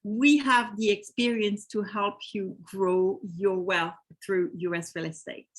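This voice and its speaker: A woman's voice: medium pitch, steady tone, a little slow. A woman with a French accent hosting a live webinar, chatting with attendees and reading their names from the chat. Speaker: webinar host.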